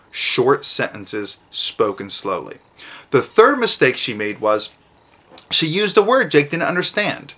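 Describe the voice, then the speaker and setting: Bright-voiced man giving slow, clear advice. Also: mid-range voice. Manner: slow, deliberate, emphatic enunciation. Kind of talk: instructional talk to camera.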